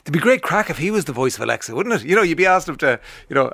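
An Irish man hosts a radio talk show in a lively, joking way, now and then slipping into playful impressions. His voice sits a touch higher than most men's. The studio sound is close and dry. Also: rapid-fire, creaky, hardly any pauses, no room sound. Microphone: studio microphone.

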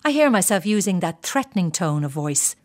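Older woman, narrator, wry measured storytelling, somewhat low voice. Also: sing-song, a little mellow. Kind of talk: reading a personal story.

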